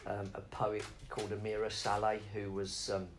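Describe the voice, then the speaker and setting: A man's voice: fairly low pitch, monotone, moderate pace, slight background noise, rough recording. A middle-aged man rambling off on tangents in a casual interview, swearing freely as he talks about spoken word.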